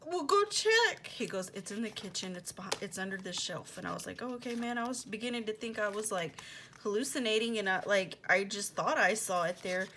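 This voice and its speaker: A woman's voice: medium pitch, a little fast, slight background noise. A young woman vlogger chatting casually at home, animatedly retelling a story with lots of "like" and quoted back-and-forth. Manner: drops to a soft near-whisper while working. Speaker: planner vlogger. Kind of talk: casual storytelling while decorating a planner.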